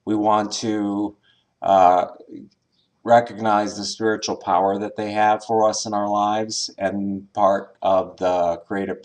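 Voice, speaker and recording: A minister leads a recorded spiritual class, speaking in a measured manner with pauses and the occasional filler word. His voice runs on the low side.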